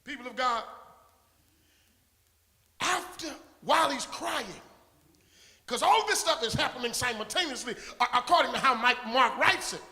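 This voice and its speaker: A pastor preaching a sermon to his congregation, building to shouted peaks and calling for responses. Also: extremely high pitch, lively intonation, moderate pace, creaky, pauses often. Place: church sanctuary. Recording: long reverb of a church hall.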